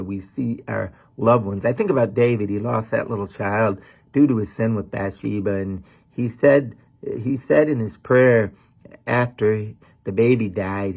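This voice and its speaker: A man's voice: fairly low pitch, vocal fry, darkish tone, husky. A middle-aged man preaching a sermon as a pastor, talking in a folksy, conversational way with lots of "man" and "you know.".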